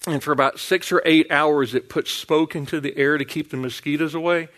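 A middle-aged male preacher in a sermon, telling a homespun tale with easy folksy warmth. His voice sits slightly on the higher side for a man. He punctuates the story with "Amen?" and "Hallelujah.". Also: steady tone, brisk. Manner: storytelling, folksy, with 'Amen?' and 'Hallelujah'.

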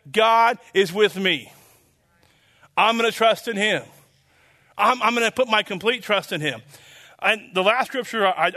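A man's voice: extremely high pitch, sharp tone. A man preaching a conversational sermon, earnest and rambling, full of restarts and fillers, building to emphatic declarations. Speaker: pastor.

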